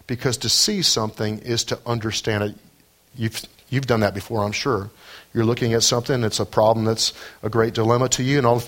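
A man preaching a sermon, emphatic, climbing high on scripture and key points and often repeating words as he starts a phrase. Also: a bit bright. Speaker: pastor.

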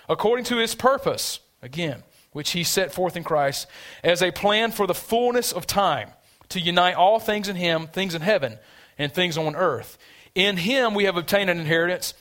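Pastor guy preaching, kinda high voice, chatty and emphatic, asks the crowd stuff. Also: fairly bright tone. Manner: conversational, emphatic preaching with call-and-response questions. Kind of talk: sermon. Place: church sanctuary.

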